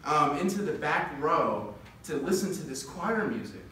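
A young man preaching a sermon, telling a parable with quick laughs and building to impassioned lists. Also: on the high side, very animated, pushed and bright, a little hiss or hum. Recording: echoey room, distant mic.

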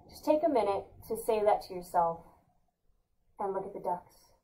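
An upbeat, playful woman from California hosts a casual weekly spiritual talk. Her voice sits at an ordinary middle pitch. She jumps into high, excited put-on exclamations. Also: a little fast, pauses often, rough recording. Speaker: host.

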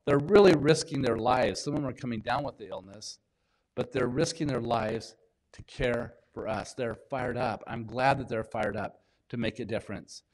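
A man's voice: medium pitch, darkish tone. Man preaching in a conversational way. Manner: conversational preaching with pauses and restarts. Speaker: pastor. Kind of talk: sermon. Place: church in Washington State.

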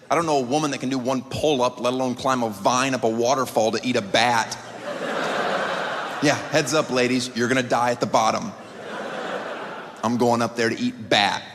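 Sarcastic stand-up comedian on a theater stage. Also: male voice. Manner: sarcastic, incredulous, with sudden pitch jumps into mock voices. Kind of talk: stand-up set. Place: large theater stage before a live audience. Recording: long theater reverb, audience noise.

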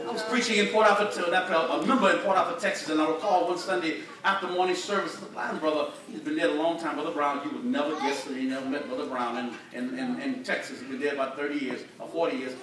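An older man with a voice on the high side and a steady tone talks fast, hardly pausing, as he preaches in a church sanctuary. His folksy, funny storytelling is full of colloquial speech, captured in an echoey, distant recording with the congregation and crowd audible.

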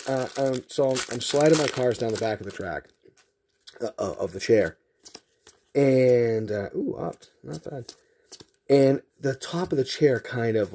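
A man's voice: mid-range voice, husky. A middle-aged man hosting a card-opening video, telling a long childhood story between packs with lots of fillers. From Massachusetts. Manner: rambling, animated storyteller with many fillers.

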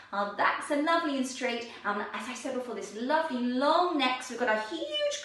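Animated woman teaching young kids. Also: high voice. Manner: animated and encouraging, with exaggerated teacher cues. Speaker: children's drama teacher. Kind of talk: lively lesson for young children. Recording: echoey room from far off.

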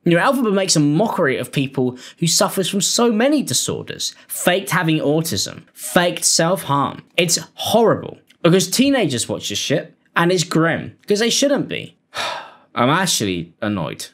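Young british guy ranting, annoyed and blunt, swears a lot, voice on the higher side. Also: very animated, normal speed. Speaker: commentary host. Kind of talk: angry commentary.

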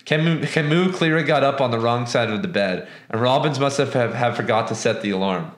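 Young guy, casual reviewer, swears a lot, restless rambling delivery, mid-pitched voice, roomy echo. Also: fairly quick. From US West Coast. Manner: animated, profane, rambling with restarts. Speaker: book reviewer. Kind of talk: casual book review and storytelling. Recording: echoey room.

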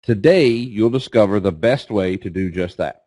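Lowish and a little mellow, this voice moves at a moderate pace with no room sound. The speaker, a middle-aged Eastern Kentucky man with a Kentucky accent, guest-presents a trading webinar in a folksy, casual way, often asking "okay?" and "right?".

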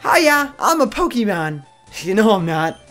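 A man's voice: sits high, very animated, unhurried, bright, forceful tone, faint music behind, pitched above the performer's own voice, heavily acted. A man voicing a cheery young man fused with a Pokemon, reading game text aloud in a chirpy way.

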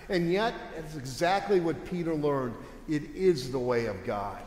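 A man's voice: a little high, lively intonation, unhurried, hardly any pauses. A male pastor giving a sermon in a conversational, emphatic way, asking his listeners rhetorical questions. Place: church sanctuary. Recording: echoey church with long reverb.

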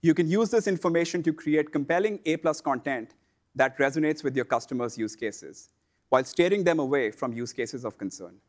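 Man, somewhat high voice, scripted instructional narration, measured and explanatory. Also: lively intonation, darkish tone. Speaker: seller education presenter.

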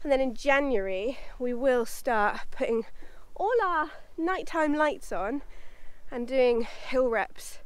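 A woman's voice: high voice, slow pace, clean tone, no echo. A woman vlogging casually outdoors at a horse yard, a little out of breath from walking, talking chattily to the camera and to her horses. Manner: chatty, talks to her horses in a fond baby voice. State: a bit out of breath from walking uphill. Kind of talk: casual vlog chat.

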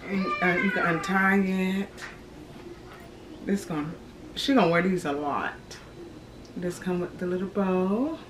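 Pausing often and speaking unhurriedly in a lowish voice, an expectant mother in her thirties chats casually with her viewers, slightly breathless, and calls them "y'all." Her vlog is recorded on a distant camera mic in an echoey room at home, with background noise.

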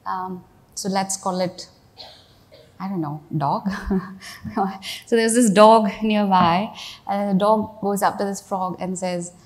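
Slow with long pauses, this Indian CEO's mid-range voice has a darkish tone and fairly even intonation. The middle-aged woman tells stories conversationally during her keynote, frequently saying "you know" and "right?"

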